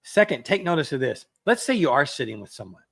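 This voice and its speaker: A man's voice: on the high side, big pitch swings, fast talker, creaky, fairly bright tone, slightly rough. A man preaching a sermon as a pastor, in a conversational way that acts out everyday excuses.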